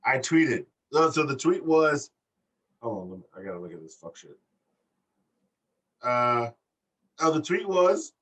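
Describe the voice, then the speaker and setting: A man's voice: mid-range voice, very animated, measured pace, pauses often, fairly bright tone, recorded from a distance. A man co-hosting a wrestling podcast, talking crudely and jokingly, often repeating himself. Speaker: podcast co-host. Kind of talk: casual chat.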